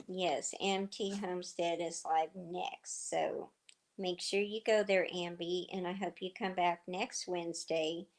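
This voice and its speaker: Slow rambly middle-aged woman, kinda hoarse, chatting to her stream viewers. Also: on the low side. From southern United States. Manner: chatty, rambling storyteller with many fillers. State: slightly hoarse. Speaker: livestream host. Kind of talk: casual chat with viewers.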